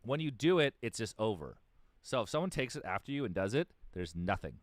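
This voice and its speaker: Low voiced guy rambling fast about his music, dry sound. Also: big pitch swings, no room sound. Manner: rambling storyteller, many fillers and restarts. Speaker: musician guest. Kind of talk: casual interview chat.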